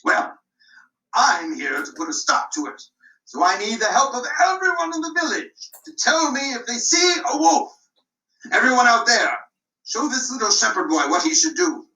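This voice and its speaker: Woman puppeteer as a self-important village constable, loud and bossy, lively swoops, roomy sound from a distance. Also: fairly high pitch, moderate pace, voice pushed up.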